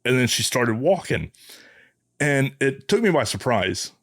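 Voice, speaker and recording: A man hosts a podcast and tells a story with lively, casual energy, restarting his phrases often. His voice is mid-pitched, and it sounds dry and close, with no room sound around it. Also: measured pace, dry recording. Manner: animated anecdote teller with many restarts. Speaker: podcast host.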